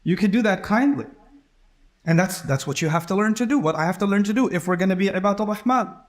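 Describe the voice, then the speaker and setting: A man with a fairly high voice delivers a sermon. He talks in a relaxed, conversational way and acts out the people in his stories. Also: quick pace. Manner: conversational, acts out quoted dialogue. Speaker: preacher.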